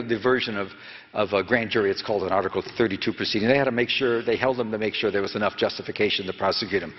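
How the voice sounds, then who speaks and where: An American investigative journalist in his seventies, with a lowish voice, tells a long, rambling anecdote to an audience, often restarting and correcting himself. The lo-fi recording sounds dull, with a reverberant hall echo.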